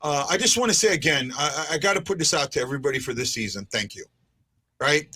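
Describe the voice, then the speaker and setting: A man chats on his fan live stream, circling back over his own phrases. His voice is bright and sits a little high. The talk is loose and informal. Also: fast talker, husky. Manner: rambling, repeats himself and restarts. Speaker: fan podcast host. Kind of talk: casual live-stream chat.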